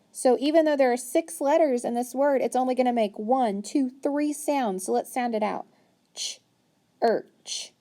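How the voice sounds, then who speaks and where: Female teacher, phonics lesson, calm and patient, sounds words out slowly for small children. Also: fairly high pitch.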